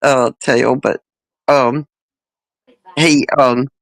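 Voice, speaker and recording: A woman's voice: a bass voice, fairly even intonation, drawn-out words, creaky, no room sound, low-quality recording. A woman hosting a casual panel chat, telling rambling stories and chuckling often.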